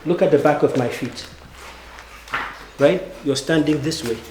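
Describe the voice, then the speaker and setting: A man's voice: fairly high pitch, a little slow. A man coaching acting students through stage combat drills, counting out moves and calling cues in a commanding way. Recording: echoey room with background noise.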